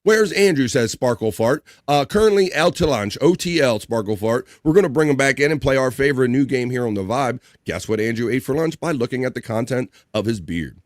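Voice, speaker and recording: Dude hosting a live stream, reads chat names out, jokey and loose, dry close sound. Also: male voice, medium pitch, expressive, fairly quick, hardly any pauses, dry recording. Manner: loose and joking, laughs easily, drawls shout-outs. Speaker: livestream host. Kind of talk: casual livestream chat, reading viewer comments aloud.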